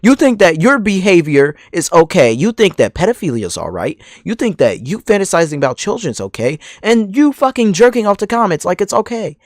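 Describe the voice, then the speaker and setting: A man with a high voice delivers a heated call-out rant, cursing freely and repeating himself for force. His pitch swings widely from line to line. The sound is dry and close, with no room echo. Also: sing-song, a little fast, few pauses. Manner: heated, profane, repetitive. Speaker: commentary channel host.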